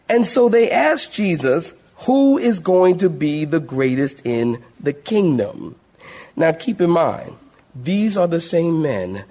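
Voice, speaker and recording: A man, a pastor, teaching a Bible study in an animated, conversational style with humor. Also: fairly high pitch.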